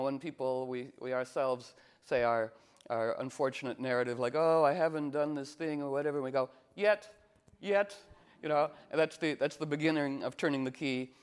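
A man's voice: mid-range voice, clear, resonant tone. A man giving an informal spiritual talk as a teacher, telling playful stories and acting out the voices of people he quotes.

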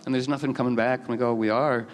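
A man telling rambling, expressive stories, with many fillers and restarts. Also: medium pitch, racing. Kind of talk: casual storytelling talk. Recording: long hall reverb.

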